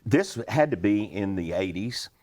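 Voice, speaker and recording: Deep-voiced Kentucky storyteller in his sixties. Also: measured pace, crowd noise. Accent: Western Kentucky. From Western Kentucky, USA. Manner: chuckles through stories, animated and folksy. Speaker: interview guest, retired flight attendant. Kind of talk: anecdotal storytelling.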